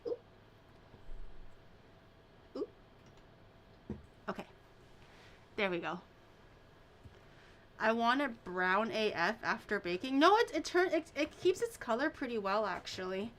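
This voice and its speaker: A woman's voice: a little high, very animated, takes it slowly, long pauses, a bit bright. A woman hosting a baking video, chatting casually and rambling through stories with the odd swear. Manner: rambling storyteller, swears casually, many fillers. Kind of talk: casual chat while baking.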